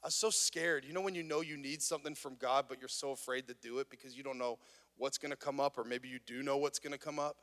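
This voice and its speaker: A man's voice: mid-range voice, fairly even intonation, fast talker, fairly bright tone. A man, a pastor, preaching a conversational and earnest sermon. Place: worship venue. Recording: long reverb of a church hall.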